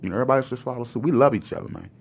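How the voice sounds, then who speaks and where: A man hosting a casual live-stream chat, talking fast and slangy with hype. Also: medium pitch, gravelly. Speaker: host.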